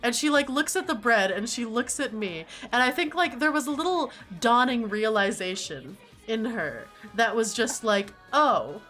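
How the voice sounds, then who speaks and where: A woman's voice: fairly high pitch, lively intonation, moderate pace, hardly any pauses, fairly bright tone, soft background music. A young woman hosting her stream, chatting casually, telling stories with lots of "like" and laughing often. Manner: chatty storyteller, laughs a lot, fills with "like". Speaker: streamer host. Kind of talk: casual chat.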